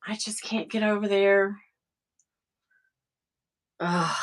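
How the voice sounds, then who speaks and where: A middle-aged woman hosting a casual livestream, talking straight to her viewers in a rambling, exasperated way. Her voice sits high and sounds bright. She takes her time, with an unhurried pace. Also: lively intonation. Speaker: livestream host.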